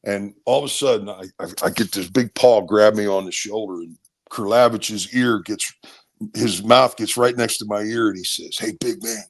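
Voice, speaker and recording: A man's voice: fairly low pitch, normal speed. A middle-aged man from Maryland, a former college football player, telling stories casually and acting out other people's voices. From Maryland, USA. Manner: animated storyteller who acts out other voices. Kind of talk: casual storytelling.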